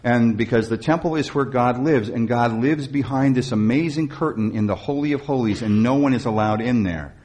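A man preaching a sermon, retelling a story in an animated way with wry asides to the congregation. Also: medium pitch, moderate pace, hardly any pauses. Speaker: pastor.

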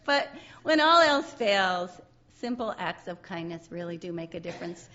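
A woman's voice: on the low side, lively intonation, normal speed, a bit bright. Chatty woman preaching, lo-fi sound. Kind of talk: sermon.

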